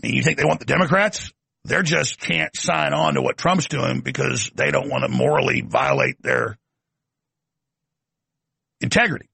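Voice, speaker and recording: A man's voice: mid-range voice, lively intonation, moderate pace, vocal fry, pauses often, sharp tone, breathy edge, dry recording. A man hosting a political talk show, delivering an emphatic, ranting monologue with sardonic asides.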